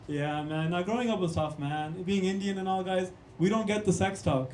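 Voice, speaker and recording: A man's voice: high voice, animated, takes it slowly, pauses often, darkish tone, a little hiss or hum. A young man, doing a punchy stand-up comedy set on a club stage and talking straight to the crowd. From Canada. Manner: punchy, keeps calling the crowd "guys" and "man". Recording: echoey room.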